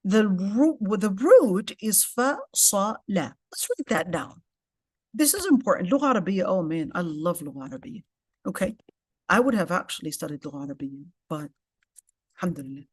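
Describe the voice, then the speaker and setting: A woman's voice: on the low side, very animated, brisk, slightly rough, dry recording, clean studio sound. A woman teaching a casual lecture in English with Arabic terms mixed in, explaining step by step and often checking in with "okay?". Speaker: Quran tafseer teacher.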